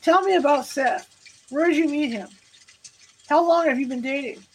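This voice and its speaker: A woman's voice: high-pitched, normal speed, a little hiss or hum, natural voice, low-quality recording. A woman reading aloud as a churchgoing mother who questions her grown daughter insistently, all in one breath. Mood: eager, prying. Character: prying middle-aged churchgoing mother.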